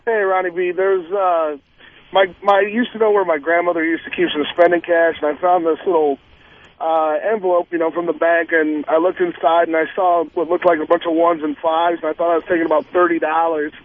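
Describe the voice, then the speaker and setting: A man calling in to a radio show, telling a story in a steady, matter-of-fact way. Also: on the high side, brisk. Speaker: caller. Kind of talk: phone-in story. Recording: tinny phone line on radio.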